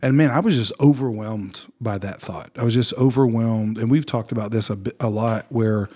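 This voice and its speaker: A man's voice: lowish voice, normal speed, mellow, breathy edge. A man, a pastor, talking in a casual faith podcast with an earnest, reflective manner and frequent fillers and restarts.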